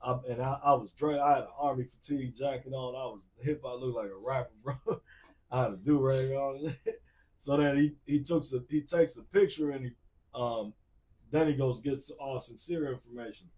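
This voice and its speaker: Man in his forties, R&B singer, tells stories lively and acts out others, mid-pitched voice set back from the mic. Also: moderate pace, recorded from a distance. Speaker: R&B singer, podcast guest. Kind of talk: casual storytelling.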